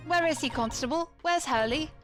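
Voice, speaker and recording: A woman voicing an earnest, caring young woman who speaks gently. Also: high-pitched, moderate pace, voice pushed up, lightly acted. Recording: game music behind.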